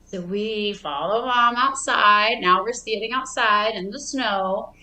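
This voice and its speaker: A woman's voice: mid-range voice, slow pace, sharp tone, echoey room, rough recording. Thirties woman doing stand-up, casual rambly story, lots of likes and ums. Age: 30s. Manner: casual, rambling with many fillers. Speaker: stand-up comedian.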